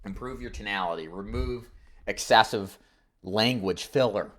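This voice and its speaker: A man's voice: fairly low pitch, normal speed, a bit bright. A man teaching insurance agents in a live online training, coaching with energy and acting out phone scripts. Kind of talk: live webinar sales training.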